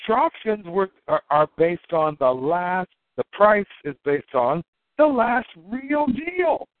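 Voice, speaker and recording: A man's voice: sits high, slow pace, no echo. Man talking over a tinny, dry line. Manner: rambling, animated, rising emphasis, acts out investors' reactions. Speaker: crypto token promoter. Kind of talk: casual explainer monologue. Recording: tinny phone-like, dry sound.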